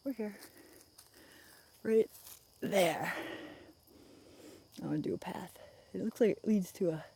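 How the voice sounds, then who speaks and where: A woman's voice: medium pitch, slow pace, mellow, a little hiss or hum. Chatty woman rambling on a woodland walk. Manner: chatty and rambling, laughs often, talks to viewers. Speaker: vlogger. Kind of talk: casual livestream walk-and-talk. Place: woods outdoors. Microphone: phone camera held out in front.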